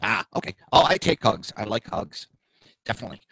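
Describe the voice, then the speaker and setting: A man's voice: on the low side, big pitch swings, a little fast, vocal fry, bright, forceful tone, breathy edge, dry recording, rough recording. A middle-aged man hosting a political talk show, blunt and profane, with mocking asides.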